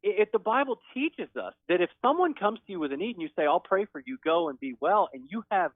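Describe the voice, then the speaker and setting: A man speaking as a guest on a call-in show, talking in an excited, emphatic way. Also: sits high, fast, no room sound. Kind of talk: call-in interview. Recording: tinny phone line.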